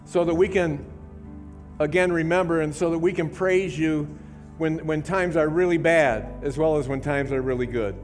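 Fervent preacher man, higher voice. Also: moderate pace, soft background music. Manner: fervent, repeats phrases, calls out to congregation. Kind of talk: sermon. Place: church service.

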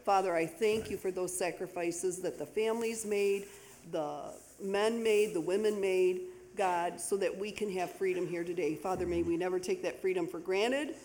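A woman leading a spoken prayer in church, steady and earnest. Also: fairly low pitch, normal speed. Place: church sanctuary. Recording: echoey church hall with faint noise.

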